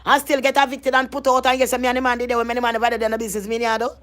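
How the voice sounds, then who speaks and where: A woman's voice: fairly high pitch, little pitch movement, rapid-fire, fairly bright tone. An adult woman, ranting in a vlog monologue, emphatic and confrontational, often repeating herself. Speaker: vlogger.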